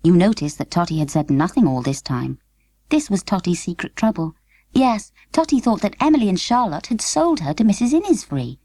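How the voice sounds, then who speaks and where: A woman narrating a children's story in a lively, expressive storybook manner. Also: lowish voice, brisk, no echo. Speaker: audiobook narrator.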